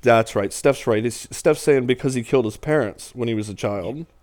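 A man's voice: mid-range voice, moderate pace, a little mellow. A man hosting a casual podcast chat, laughing often as he retells movie scenes. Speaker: podcast host.

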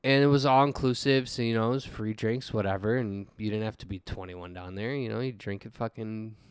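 A man's voice: fairly low pitch, steady tone, a little fast, clear, resonant tone, no echo, studio quality. A man in his thirties from the United States, telling a drunken story on a podcast, swearing heavily and laughing through it. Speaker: podcast co-host. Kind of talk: casual storytelling.

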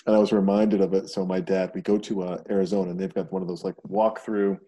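A man's voice: sits low, level tone, fast, mellow. A man co-hosting a casual movie chat, laid-back with dry humor. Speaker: podcast co-host.

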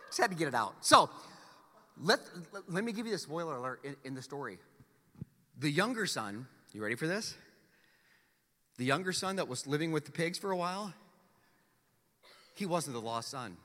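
A high-pitched, very bright male pastor preaching with wide, lively swings in his voice. He tells stories in a playful, ranting way, and his words ring out with a long hall reverb. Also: normal speed. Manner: animated storyteller, playful ranting. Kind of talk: sermon.

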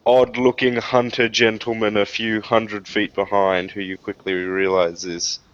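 A man running a tabletop game as game master over a voice call, jokey and halting with fillers. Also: on the low side, level tone, a bit bright, dull audio.

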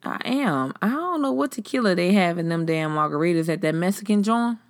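A woman's voice: fairly low pitch, a little fast, no room sound, clean studio sound. Profane ranting podcast woman. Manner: blunt, profane, animated ranting. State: tipsy, slightly slurring. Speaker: podcast host. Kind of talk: casual podcast chat.

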